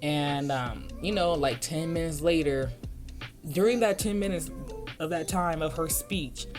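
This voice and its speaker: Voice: medium pitch, unhurried, music in the background. Young adult telling a casual slangy story. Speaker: art vlogger. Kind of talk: storytime over a speedpaint.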